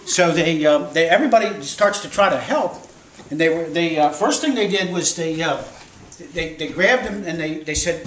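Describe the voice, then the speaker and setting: An older man, a grandfather, telling a rambling, animated story to children in a casual way. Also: on the high side, moderate pace. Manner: rambling, animated, acts out voices with shouts. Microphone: camcorder across the room. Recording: echoey room, distant camera, loud noise.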